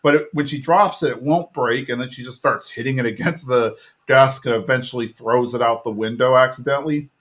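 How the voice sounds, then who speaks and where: A man's voice: medium pitch, a little fast, fairly bright tone. A male podcast host casually retelling an episode, talking loosely with lots of fillers. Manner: chatty retelling full of fillers.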